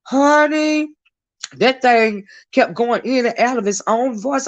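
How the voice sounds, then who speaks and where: A woman's voice: on the high side, takes it slowly. A woman hosting a live gossip stream, chatty and blunt, cussing freely and greeting viewers in the chat. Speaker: livestream host. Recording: dull lo-fi stream audio.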